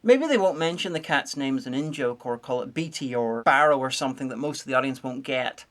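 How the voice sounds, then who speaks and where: A woman giving a sarcastic, nitpicking comedic review, full of deadpan asides. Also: extremely low pitch, a little fast. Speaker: video reviewer.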